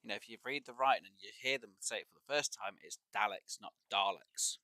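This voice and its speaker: A man's voice: mid-range voice, rapid-fire, sharp tone, dry recording. A man chatting casually and at length while streaming a fishing game, opinionated and rambling with lots of fillers. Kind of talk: casual live-stream chat while gaming.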